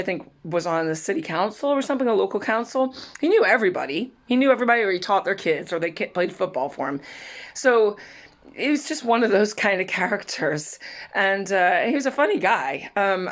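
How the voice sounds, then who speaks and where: A middle-aged woman from Saint Louis chatting casually in her vlog, rambling and often laughing. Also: mid-range voice. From Saint Louis, USA. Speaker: vlogger. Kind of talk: casual chat.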